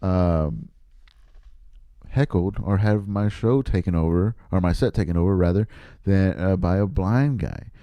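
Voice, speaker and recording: A man's voice: low-pitched, a little slow, mellow, dry recording. A man, a podcast host and comedian, telling a rambling story casually, laughing often and poking fun at himself.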